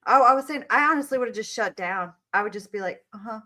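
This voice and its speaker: A woman co-hosting a livestream, joking in an animated casual way. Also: mid-range voice, fast talker. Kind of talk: casual commentary chat.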